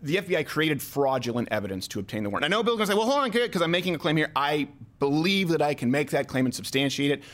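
A man hosting a political comedy talk show, animated and mocking, with rapid asides. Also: a little high. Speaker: host.

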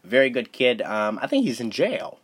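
A young man hosts a solo podcast, spinning loose stories full of swearing and filler words. His mid-range voice swings widely in pitch at a moderate pace, with a little hiss or hum in the background.

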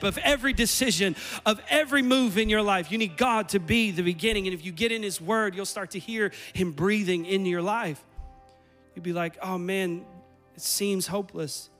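A man's voice: high voice, pushed and bright. A man preaching a sermon in a church, building with repetition and urgency and leading a prayer. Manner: preaching with rising intensity and repetition. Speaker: pastor. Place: church sanctuary.

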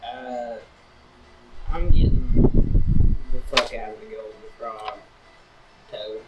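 A man's voice: medium pitch, slow pace, highs cut off. A man playing a tabletop game in character, rowdy and slurring, often breaking into laughter. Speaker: player. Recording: loud background noise.

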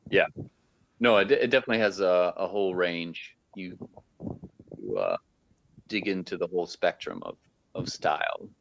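A man co-hosting a podcast, chatting casually with relaxed, joking remarks. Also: deep voice, moderate pace, creaky, long pauses, slight background noise. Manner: relaxed, joking, short agreements. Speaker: podcast co-host. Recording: dull lo-fi sound.

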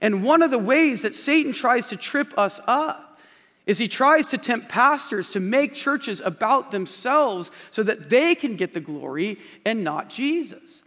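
Male pastor preaching emphatically from a big church stage; fairly high voice carrying a long room echo. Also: lively intonation, a little slow, a bit bright. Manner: emphatic preaching, repeats key phrases, addresses the congregation directly. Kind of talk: sermon. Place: large church auditorium with a stage. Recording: long reverb of a large hall.

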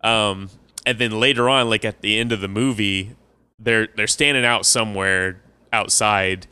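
Man, low voice, bright and crisp, dry close mic, casual rambling chat. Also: fairly even intonation, measured pace, no echo. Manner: rambling storyteller, laughs at own stories.

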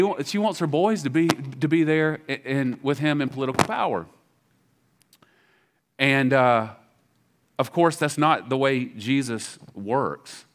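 A pastor with a Southern American accent preaches a sermon, acting out biblical dialogue in a casual, animated manner. His voice is medium-pitched.

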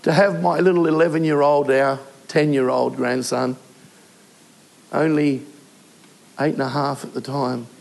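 Older male pastor, gravelly voice. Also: on the high side, fairly even intonation, a little mellow. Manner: earnest, emotional preaching with short pauses. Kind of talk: sermon.

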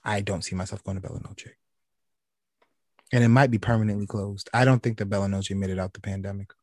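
A man's voice: lowish voice, quick pace, no room sound. Blunt, sassy man podcast co-host. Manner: blunt, sassy, animated storytelling. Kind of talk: casual chat.

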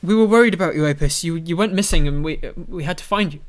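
A man's voice: a little high, quick pace, voice pushed up, lightly acted. A man voicing a worried young woman adventurer, urgent and stumbling over her words.

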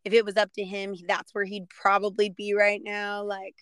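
Woman podcast host, flat even delivery, smooth dry close sound, casual and filler-heavy. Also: mid-range voice, normal speed, no echo. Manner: filler-heavy, says "like" a lot. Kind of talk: casual interview questions.

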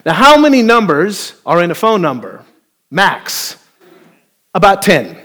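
A man preaching a sermon as pastor, telling a story with playful, animated asides to the congregation. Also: high-pitched, a little slow. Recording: long hall reverb.

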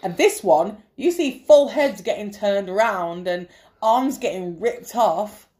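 A woman's voice: medium pitch, expressive, takes it slowly, darkish tone. A woman co-hosting a casual film review podcast, enthusiastic, laughing often and swearing freely. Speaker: podcast co-host.

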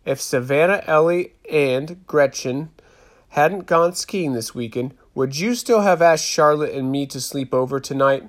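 A man's voice: fairly high pitch, unhurried, close to an everyday voice. A man voicing Summer, a teasing, pushy middle-school girl. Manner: teasing, pressing.

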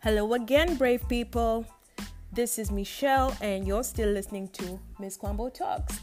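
A woman's voice: a little high, normal speed, music in the background. A woman hosting her own podcast, talking casually and playfully and laughing at her own jokes. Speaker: podcast host. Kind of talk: casual solo podcast talk.

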